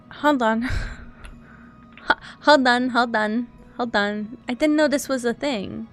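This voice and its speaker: During a casual live gaming stream, a young woman, teary and sniffling from crying, rambles and gets flustered, laughing at herself. Her fairly bright, slightly high voice moves slowly with frequent pauses, and faint music plays in the background.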